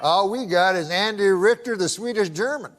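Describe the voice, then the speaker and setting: A man's voice: high-pitched, moderate pace, heavy background noise, lightly acted. A man doing a blunt frontier bartender. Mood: deadpan.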